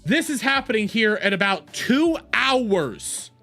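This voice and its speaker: A woman hosting a livestream, ranting in an exasperated, animated way with heavy swearing, on a desk mic at home. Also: fairly high pitch, slow. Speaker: livestream commentary host. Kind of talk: casual livestream rant. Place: home streaming room. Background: faint background music.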